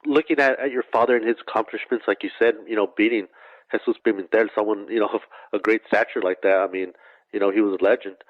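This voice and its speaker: Low-voiced male interviewer, lo-fi sound. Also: fairly even intonation, quick pace, no room sound. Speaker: interviewer, host. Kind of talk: interview questions. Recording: dry, dull lo-fi audio.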